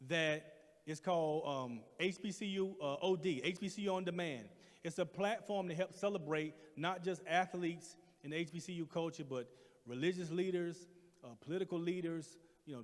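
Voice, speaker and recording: A middle-aged man doing stand-up comedy on a stage, telling a story animatedly and getting loud for punchlines. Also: a little high. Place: church hall stage with audience. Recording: reverberant hall.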